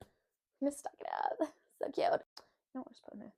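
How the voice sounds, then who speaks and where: With a highish, darkish voice, brisk pace, and lively intonation, a young vlogger chats to camera from her bed in her bedroom. Her manner is bubbly and rambling, with plenty of self-mockery.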